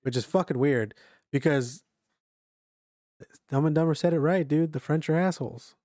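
A man's voice: a little high, normal speed, dark tone, no room sound, studio quality. A man from the United States in casual podcast chat, rambling with many fillers and frequent swearing.

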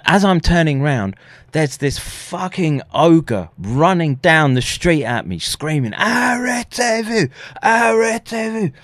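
A man's voice: mid-range voice, no echo, clean studio sound. Profane rambling male streamer. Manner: profane, rambling, many restarts. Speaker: live streamer. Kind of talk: casual spoken storytelling.

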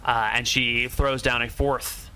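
A man's voice: mid-range voice, little pitch movement, slow, pushed and bright, clear, resonant tone. A man narrating a tabletop game as game master, with a dry, teasing manner.

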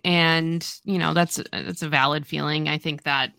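Woman podcast co-host, lowish bright voice, dry close sound, emphatic casual chat. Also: measured pace, hardly any pauses, clear, resonant tone, no echo. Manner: emphatic, exasperated, swears casually. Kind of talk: casual book-club chat.

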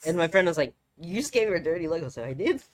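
A man's voice: a little high, very fast, a crowd in the background. A young man co-hosting a podcast, telling stories in a loose, swearing, self-mocking way. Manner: animated, swearing storyteller, laughs at himself. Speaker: podcast co-host. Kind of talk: casual chat.

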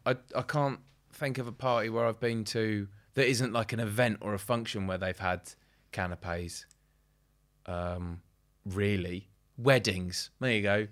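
A man's voice: lowish voice, steady tone, unhurried, a bit bright. A man, a comedian guest, chatting casually with wry jokes. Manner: wry, joking, dry asides. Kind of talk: casual chat.

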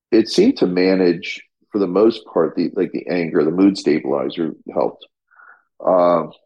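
In an interview, a middle-aged firefighter and paramedic tells his story bluntly and rawly, cursing freely and restarting sentences. His voice is deep and the recording muffled.

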